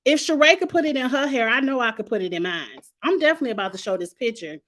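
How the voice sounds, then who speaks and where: A woman's voice: fairly high pitch, sing-song, racing, a bit bright. A woman in her forties giving sassy, candid commentary in a casual vlog, playfully shady and chatty. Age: 40s. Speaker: vlogger reviewing reality TV fashion.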